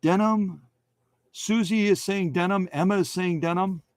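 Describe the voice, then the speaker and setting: A man's voice: sits high, a little slow, dry recording. A man hosting a live sewing machine demonstration, chatting with viewers in a folksy, instructive way.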